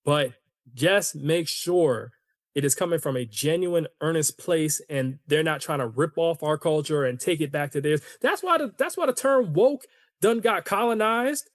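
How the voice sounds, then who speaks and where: A man hosting a solo podcast, ranting in an animated, opinionated way and talking to his listeners as "y'all". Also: fairly high pitch, moderate pace, no room sound, clean studio sound. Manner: conversational, addresses listeners as y'all. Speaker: podcast host.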